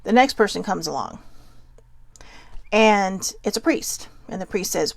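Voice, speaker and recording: Woman vlogging about her own life, raspy gravelly voice, dry close sound, real earnest. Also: mid-range voice, expressive, unhurried, no echo. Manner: heartfelt, reflective, storytelling. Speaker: mental health vlogger. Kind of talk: earnest personal talk to viewers.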